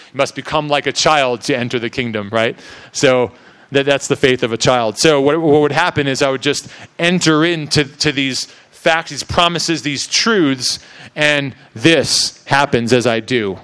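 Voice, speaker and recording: A middle-aged man giving an earnest devotional Bible teaching and praying aloud, reflective and halting, often restarting his words. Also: medium pitch, a bit bright, clean tone. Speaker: preacher.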